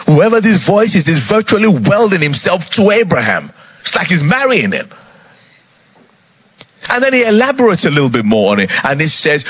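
A man's voice: high-pitched, huge pitch swings, normal speed, fairly bright tone, breathy edge. A man preaching a sermon, retelling a scripture story dramatically and putting rhetorical questions to his listeners.

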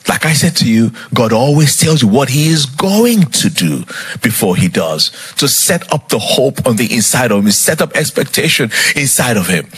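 A male preacher with a husky, slightly rough voice delivers a sermon. His pitch swings widely as he retells a scripture story with dramatic flair. He keeps turning to his listeners with rhetorical questions. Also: very animated, moderate pace, fairly bright tone.

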